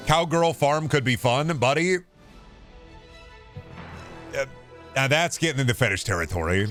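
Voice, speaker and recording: A young man streaming a game, chatting casually, joking loudly and yelling at races. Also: medium pitch, animated, a little slow, pauses often, faint music behind. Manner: loud, joking, yells at the game during races. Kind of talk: casual gaming stream chat.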